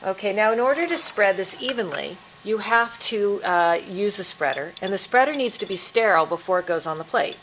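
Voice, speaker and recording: A woman giving a calm, step-by-step biology lab demonstration as an instructor. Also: medium pitch, brisk, few pauses, background noise.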